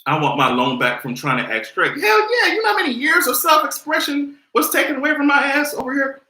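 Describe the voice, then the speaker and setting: A young man chatting casually on a livestream, sassy and animated, with frequent cursing. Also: very high voice, fast talker. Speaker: vlogger hosting a livestream. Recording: roomy echo.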